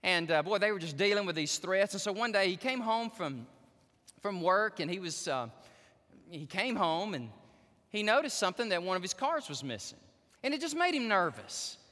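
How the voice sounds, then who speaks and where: Male pastor, sermon delivery, bright lively high voice, long hall reverb. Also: moderate pace. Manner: animated storytelling, addresses the women in the audience directly.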